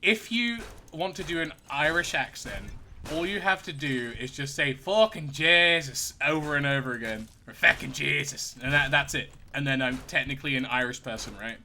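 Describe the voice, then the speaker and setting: A man's voice: medium pitch, fairly quick, bright, forceful tone, a little hiss or hum. A man streaming a game, chatting casually, joking, swearing and laughing often. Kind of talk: casual gaming commentary.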